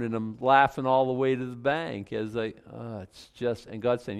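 A middle-aged male pastor preaching in a conversational way, breaking into loud emphatic outbursts. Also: medium pitch, lively intonation, moderate pace. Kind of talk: sermon.

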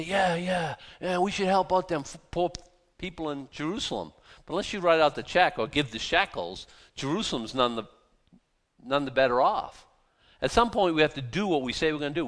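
A man preaching a conversational sermon, animated and informal, with many fillers and restarts. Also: medium pitch, long reverb tail. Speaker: pastor.

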